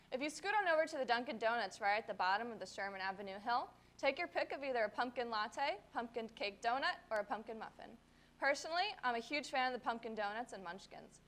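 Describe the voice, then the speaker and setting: Upbeat young woman reporter, slightly high. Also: fairly bright tone. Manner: upbeat, chatty. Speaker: segment reporter. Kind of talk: scripted segment delivery.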